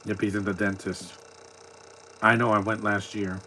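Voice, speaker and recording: A man's voice: on the low side, little pitch movement, moderate pace, pushed and bright, a little hiss or hum. A man talking casually through a live movie commentary, tossing out blunt, opinionated asides.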